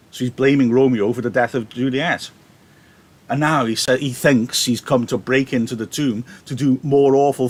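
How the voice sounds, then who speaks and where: A male teacher talks through a play in a live online lesson, turning old verse into everyday speech. His voice sits at a middle pitch, picked up by a laptop microphone. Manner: explains in casual modern paraphrase.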